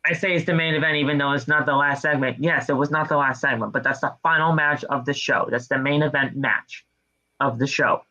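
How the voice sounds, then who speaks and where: A man co-hosting a casual podcast, recapping a wrestling show with animated storytelling and exasperated jokes. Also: medium pitch, brisk, muffled recording. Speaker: podcast co-host.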